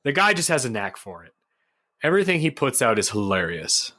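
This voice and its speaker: A man chatting on a podcast with a bright, forceful voice. He rambles through a story, excitable and full of fillers. Casual, loose delivery. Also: mid-range voice, a little fast. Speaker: podcast co-host. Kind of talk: casual chat.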